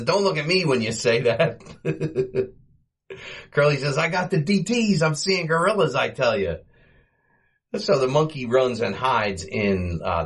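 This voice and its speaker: A man hosting a podcast, casually retelling an old comedy short, chuckling often and giving quoted lines a quick comic voice. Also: on the low side, husky. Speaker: podcast host.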